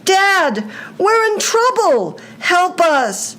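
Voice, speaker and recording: A woman doing a panicked little boy's shouts. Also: sing-song, measured pace. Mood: shouting. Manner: shouting in panic, high and urgent. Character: frightened young boy fishing with his friend. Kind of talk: storybook read-aloud.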